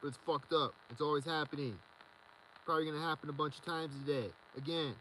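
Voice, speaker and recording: A man's voice: on the high side, fairly even intonation, quick pace, fairly bright tone, slight background noise, poor audio. A man rambling in a solo video monologue, agitated and repetitive as he rants. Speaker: vlogger.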